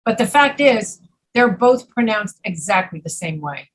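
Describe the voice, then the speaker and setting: A woman's voice: medium pitch, very animated, measured pace, low-quality recording. A woman with an East Coast American accent teaching an online pronunciation class over a video call, patient and explaining with examples.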